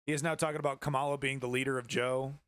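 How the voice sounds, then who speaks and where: Bright-voiced rambling male streamer. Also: medium pitch, level tone, racing, clean tone, no echo, clean studio sound. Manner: rambling, profane, frequent restarts and fillers. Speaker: livestream news show host. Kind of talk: casual political commentary.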